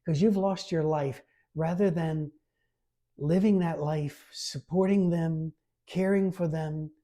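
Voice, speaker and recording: A man preaching a conversational sermon, informal and lively, reading scripture aloud with emphasis. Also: fairly high pitch, takes it slowly. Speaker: pastor.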